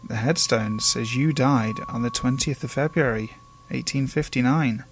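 A man's voice: medium pitch, normal speed, slight background noise, natural voice. A man playing a blunt, unsympathetic gravedigger who talks coarsely. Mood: questioning. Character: callous, gruff male gravedigger.

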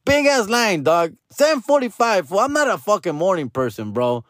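A young man delivers an exasperated stand-up rant. He mixes in Spanish slang and swears constantly. His voice sits a little high and sounds dry and close to the mic. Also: very animated, normal speed, a bit bright, no room sound. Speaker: comedian. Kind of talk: profane Spanglish stand-up rant.

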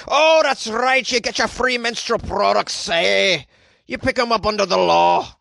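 A man's voice: high voice, unhurried, creaky, pushed and bright, dry recording, exaggerated voice. A man doing a cheeky mock Scottish bloke. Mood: jokey. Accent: put-on Scottish.

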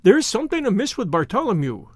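A man doing a nervous, timid gentleman. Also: high-pitched, wildly swooping pitch, a little fast, dry recording, clean studio sound, exaggerated voice. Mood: frightened. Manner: anxious, pleading.

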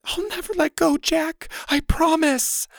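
A man voicing a theatrical schoolgirl in a strained, showy falsetto. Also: fairly even intonation, measured pace, vocal fry, no room sound, studio quality, full character voice. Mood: melodramatic. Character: melodramatic schoolgirl, theatrical and self-absorbed.

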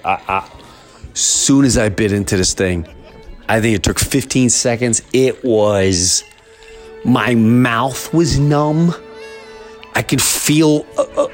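A man hosting a podcast, telling a comic story in an animated, exaggerated way with many restarts. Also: mid-range voice. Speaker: podcast host. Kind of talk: comedic storytelling.

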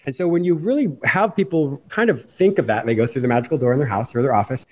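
A man speaking fast and animatedly as a podcast guest, explaining ideas in a remote interview. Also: on the high side. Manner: rapid, animated, apologizes for speed.

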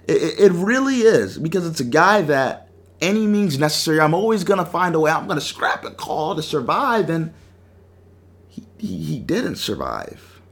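A man's voice: on the high side, moderate pace. A young man hosting a sports talk show, telling an emotional story and acting out the quotes. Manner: animated storytelling, acts out quotes.

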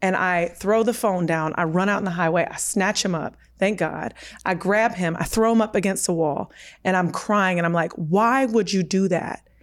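A woman's voice: fairly low pitch, moderate pace. Emphatic woman telling a personal story. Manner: emphatic, repeats "listen", vivid retelling. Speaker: guest.

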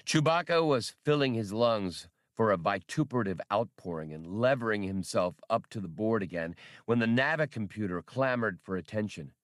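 A man reading a science fiction novel aloud as an audiobook narrator, with expressive storytelling. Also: fairly low pitch, normal speed, no echo, clean studio sound.

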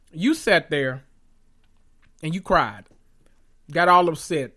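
A man giving a sassy, animated recap of reality TV in casual chat, swearing freely and often jumping into high voices to mimic people.

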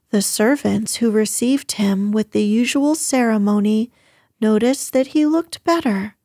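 Woman reading a novel aloud, slow, calm, fairly high voice, dry close sound. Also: no room sound. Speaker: reader. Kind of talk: storybook read-aloud.

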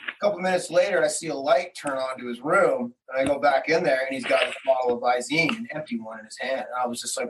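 A man tells a personal story as an interview guest, his medium-pitched voice moving fast over some background noise. His talk is rambling, slangy and heated, packed with quoted back-and-forth exchanges, and he sounds a bit distant from the mic.

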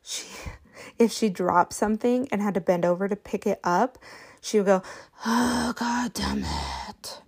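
A woman's voice: medium pitch, moderate pace, darkish tone. A woman in her thirties hosting a podcast, telling funny stories in a casual, chatty, self-deprecating way. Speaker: podcast host.

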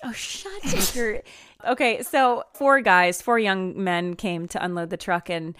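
A woman at mid pitch chatting casually on a podcast, recorded close and dry in a bedroom. She tells stories with energy and acts out what other people said. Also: a little slow, clean tone, no echo. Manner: animated storyteller who acts out quoted people. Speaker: podcast co-host, wedding singer. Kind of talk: casual chat. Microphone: headphones off, sitting in the room.

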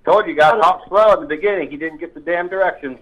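Gruff, teasing man with a bright voice. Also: fairly high pitch, quick pace. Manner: gruff, teasing, swears freely. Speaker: guest, retired police officer. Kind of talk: casual chat. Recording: dull lo-fi sound.

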